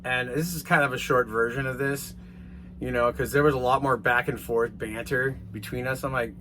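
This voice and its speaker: A man telling a rambling, casual story to his viewers, swearing now and then and getting animated as he retells it. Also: mid-range voice, moderate pace, noisy background. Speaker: vlogger.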